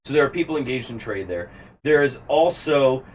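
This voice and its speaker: A man's voice: mid-range voice, animated. A distant-sounding male game master. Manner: descriptive, pausing with fillers. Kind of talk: narrating a tabletop game. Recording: distant mic, faint background hiss.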